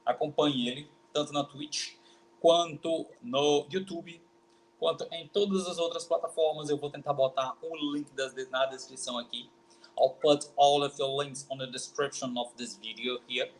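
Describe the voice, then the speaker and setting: A man with a Brazilian Portuguese accent hosting a casual interview in halting English, teaching words slowly and repeating them. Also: a little high, steady tone, slight background noise, low-quality recording. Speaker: podcast host.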